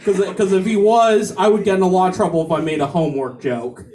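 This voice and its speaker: A male stand-up comedian on a club stage, delivering jokes haltingly with many repeated ums and restarts. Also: high-pitched, fairly even intonation, mellow, distant mic.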